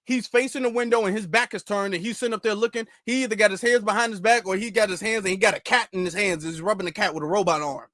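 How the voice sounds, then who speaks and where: A man hosting a commentary channel, ranting in an animated, repetitive storytelling way. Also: high-pitched, fast talker, few pauses, no room sound, clean studio sound.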